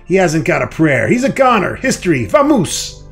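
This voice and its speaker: A man's voice: a little high, huge pitch swings, normal speed, vocal fry, faint music behind, exaggerated voice. A man voicing a bullying male fraternity pledge master from a text adventure game who bellows insults theatrically. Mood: gloating.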